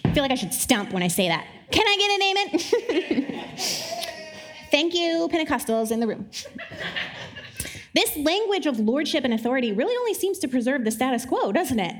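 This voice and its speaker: A woman giving a conversational sermon to a live audience, wry and joking, with quick asides. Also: high-pitched, big pitch swings, slight background noise. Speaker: speaker. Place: live talk before an audience.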